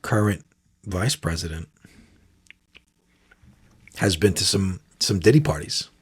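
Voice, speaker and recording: A man co-hosting a podcast, chatting in excited, laughing banter. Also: deep voice, slow, husky. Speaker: podcast co-host. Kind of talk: casual chat.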